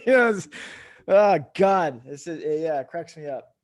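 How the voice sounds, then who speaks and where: A man's voice: a little high, very animated, normal speed, dry recording, clean studio sound. An American man in his thirties, an army veteran hosting a casual podcast chat, telling stories animatedly and swearing freely. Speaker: podcast host; army veteran, former drill sergeant.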